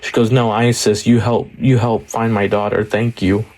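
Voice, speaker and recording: A man's voice: lowish voice, flat delivery, normal speed, a little mellow. A young man casually telling a story, rambling and full of fillers. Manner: rambling, heavy on fillers like "like" and "you know".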